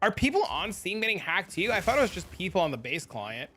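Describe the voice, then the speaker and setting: A man's voice: sits high, sing-song, a little fast, fairly bright tone, a little hiss or hum. A man streaming a game and chatting casually with viewers, blunt, profane and rambling. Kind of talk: casual live-stream chat.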